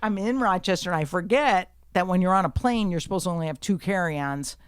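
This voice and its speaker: A woman comedian telling stories on a podcast, profane and animated, jumping to shouts when she acts out scenes, recorded in a studio. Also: fairly low pitch, a little fast, clear, resonant tone, no echo. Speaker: guest comedian. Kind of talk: storytelling in a podcast conversation.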